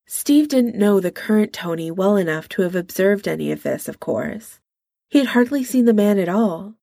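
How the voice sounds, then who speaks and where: Gravelly woman reading a story. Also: lowish voice, a little mellow, no room sound, studio quality. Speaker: narrator. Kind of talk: audiobook reading of fan fiction.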